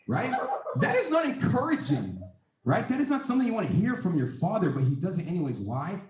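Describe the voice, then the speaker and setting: A man delivers an impromptu speech with emphatic rhetorical questions. His pitch swings widely and sits a little high. The room is echoey. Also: huge pitch swings, moderate pace, darkish tone. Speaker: student speaker.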